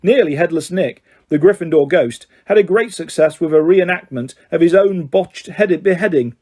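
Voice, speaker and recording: A man narrating a fantasy audiobook in a steady reading voice, with occasional slips and restarts. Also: fairly high pitch, normal speed.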